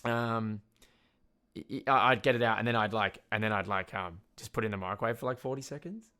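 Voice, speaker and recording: A young podcast host from Tasmania, Australia, rambles loosely through a casual solo rant, swearing often and laughing at his own stories. His voice is lowish, fairly quick, pushed and bright.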